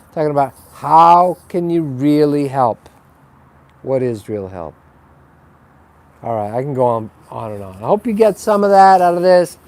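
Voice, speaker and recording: A man's voice: on the high side, a little mellow. A man hosting a spiritual webcast, talking in a rambling, blunt and profane monologue. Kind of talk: casual spoken monologue.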